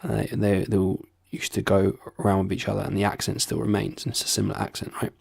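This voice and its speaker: A man's voice: fairly low pitch, level tone, quick pace, gravelly, darkish tone, breathy edge, no echo, clean studio sound. A young man casually explaining accents in a breezy tone, with the odd swear word.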